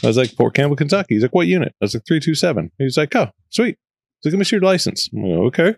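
A man's voice: on the high side, sing-song, very fast, vocal fry, no echo. A man telling a story in casual podcast chat, swearing freely and acting out the voices in it. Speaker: podcast co-host.

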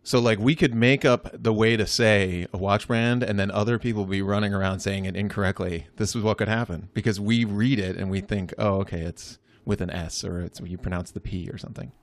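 A man co-hosting a podcast in relaxed, easygoing chat, often agreeing and laughing. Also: on the low side, fairly quick, hardly any pauses, no echo. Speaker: podcast co-host. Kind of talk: casual chat.

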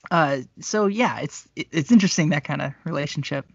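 A man's voice: on the high side, brisk, gravelly, dry recording. A man chatting casually on a podcast, rambling and laughing often. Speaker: podcast co-host. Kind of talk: casual chat. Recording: dull lo-fi sound.

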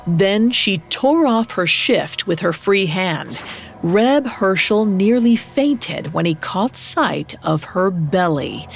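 A woman narrating a scripted story in a measured, steady reading. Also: mid-range voice, gravelly.

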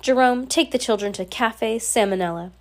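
A woman's voice: fairly high pitch, moderate pace, lightly acted. A woman with a cold voicing a vain, wealthy guardian who talks in a haughty, bossy and impatient way. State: has a cold, scratchy throat.

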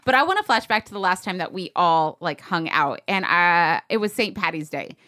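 Bright-voiced teasing woman podcast host. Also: fairly low pitch, lively intonation, moderate pace. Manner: upbeat, teasing, chatty. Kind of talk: casual podcast chat. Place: podcast studio.

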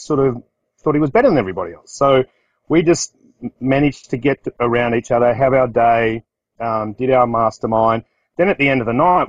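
A man's voice: mid-range voice, no room sound, muffled recording. Australian man telling rambling business anecdotes. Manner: rambling anecdotes with restarts, acts out quotes. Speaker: business owner. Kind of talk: casual storytelling talk.

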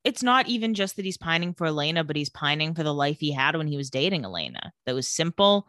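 Bright, dry-voiced woman recapping a show. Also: deep voice, fast talker, no room sound. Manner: animated retelling, acting out characters' lines. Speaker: podcast co-host recapping a TV episode. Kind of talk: casual chat.

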